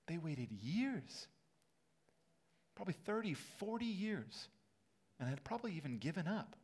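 A man's voice: fairly high pitch, a little mellow. A man preaching a sermon as pastor in a church sanctuary, earnest and building to emphatic peaks.

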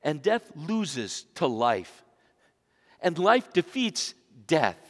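Male pastor delivering a dramatic sermon with sharp dynamic swings, in a church with long reverb. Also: a little high, big pitch swings, very slow. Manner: dramatic swings from loud emphasis to hushed whispers. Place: church sanctuary.

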